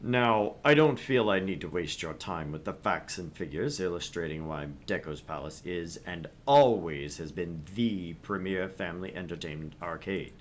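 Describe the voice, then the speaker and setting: Man reading a courteous scheming tycoon, low and measured. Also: expressive. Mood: smooth. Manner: slow, measured, polished. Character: smooth wealthy male arcade tycoon, courteous and scheming.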